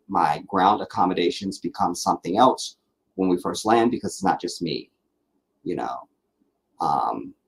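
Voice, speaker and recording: A man's voice: deep voice, poor audio. A man hosting a casual live stream, chatting loosely with viewers, rambling, repeating himself and laughing easily. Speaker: livestream host. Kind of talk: casual live chat reading viewer comments.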